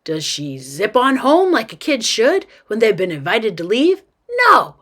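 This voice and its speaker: Expressive woman reading a novel aloud. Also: a little high, unhurried. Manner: expressive first-person narration. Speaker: teacher.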